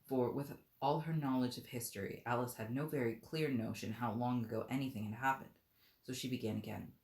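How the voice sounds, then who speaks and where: Very low-voiced woman reading aloud. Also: fairly even intonation, darkish tone. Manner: unhurried, self-deprecating asides. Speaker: streamer reading a book aloud. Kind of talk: storybook read-aloud on a live stream. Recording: roomy echo.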